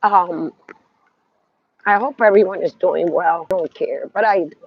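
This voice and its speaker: Congested man, high voice, rambling outdoor live streamer, dry lo-fi phone sound. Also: a little slow, gravelly, slightly rough, no echo. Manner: rambling, talks to viewers, trails off. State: congested from sinus trouble. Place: outdoors walking a city street.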